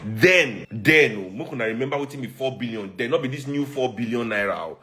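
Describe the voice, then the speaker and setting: A man's voice: medium pitch, animated, brisk, hardly any pauses, a bit bright. A man with a Nigerian accent giving heated social commentary, rhetorical and emphatic.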